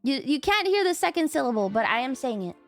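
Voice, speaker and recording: Excitable high-voiced woman streamer. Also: fast talker, faint music behind. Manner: excitable, swears, laughs often, yells at chat. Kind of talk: casual chat with chat.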